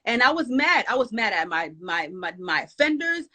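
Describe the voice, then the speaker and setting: A Jamaican woman, a guest author, speaks in an inspirational conversation with a fairly high, very animated voice at a moderate pace and a sharp tone. She is emphatic and rousing, exhorting and encouraging her listeners much like a preacher.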